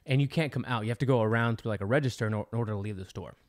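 Fast-talking co-host. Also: male voice, lowish voice, a little mellow. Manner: quick rambling anecdote-telling with self-corrections. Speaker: podcast co-host. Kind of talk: casual podcast chat.

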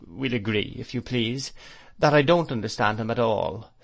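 A man's voice: mid-range voice, normal speed, gravelly, highs cut off. A man voicing a stern, disdainful spinster woman in an audiobook. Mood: cold disdain. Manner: sharp, disdainful. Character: harsh stern spinster sister.

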